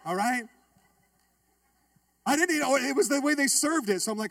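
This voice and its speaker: A male pastor telling a funny story in his sermon, joking with and calling out to the congregation in a lively way. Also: very high-pitched, normal speed, creaky, long pauses, no room sound. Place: church.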